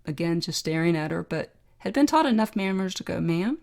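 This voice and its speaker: A middle-aged woman hosting a podcast, telling a personal story in a reflective, emotional way with pauses. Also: fairly low pitch, lively intonation, creaky, a little mellow. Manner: reflective, emotional, pausing to remember. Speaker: podcast host, trauma doctor.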